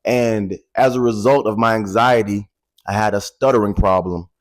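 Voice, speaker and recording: A man in his twenties talking to viewers in a casual, animated testimony, repeating phrases for emphasis, into a handheld microphone. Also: on the low side, normal speed. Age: 20s. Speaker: vlogger.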